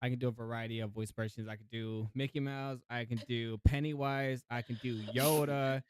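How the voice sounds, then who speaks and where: A man's voice: mid-range voice, steady tone, a little fast, clear, resonant tone. A man chatting casually on a live stream, laid-back and laughing often as he talks. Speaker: aspiring voice actor streamer.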